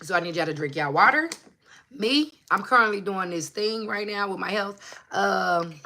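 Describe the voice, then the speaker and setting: A woman's voice: on the low side, sharp tone, a little hiss or hum. A woman hosting a casual livestream pep talk, passionate and emphatic, swearing freely and repeating herself for effect, recorded on a phone at home. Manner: emphatic and repetitive. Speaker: motivational channel host. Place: at home under a hot light.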